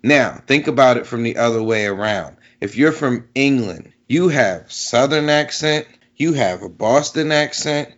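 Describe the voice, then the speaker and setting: A man co-hosting a casual chat, explaining his views at length with lots of asides. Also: medium pitch. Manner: relaxed, drawn-out explaining with many asides. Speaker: podcast co-host. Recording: dull lo-fi sound.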